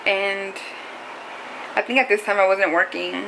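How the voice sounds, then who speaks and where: A woman's voice: medium pitch, fairly even intonation, measured pace, vocal fry, background noise. A young adult woman talking to camera in a casual, confessional vlog, rambling and saying "like" a lot. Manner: rambling, heavy use of "like". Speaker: vlogger.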